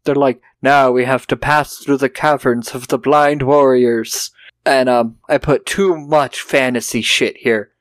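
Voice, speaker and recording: This podcast co-host reviews films casually, swearing freely, joking, and acting out characters' lines as he recaps. His medium-pitched voice keeps a fairly even intonation at a measured pace. There's no room sound.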